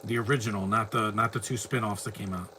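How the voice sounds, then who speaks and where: A man provides film commentary in a bright, forceful voice, drifting from one opinionated aside to another. His casual remarks escalate into rants, delivered fast with fairly even intonation in a lowish register. A faint hiss runs beneath the recording.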